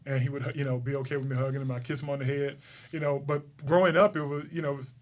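A man's voice: medium pitch, flat delivery, fast. A middle-aged man hosting a casual interview, talking earnestly and emotionally with many restarts. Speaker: host.

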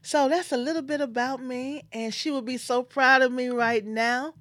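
A woman's voice: high voice, fairly even intonation, normal speed, fairly bright tone, no room sound. A woman hosting her own show, telling a personal family story in an earnest, heartfelt way. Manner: heartfelt, earnest, quotes others with feeling. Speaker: host.

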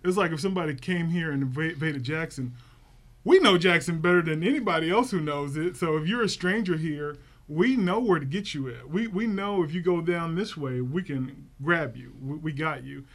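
A man co-hosting a movie review podcast, talking in a casual, animated way and acting out film lines. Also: a little high, normal speed. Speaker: podcast co-host.

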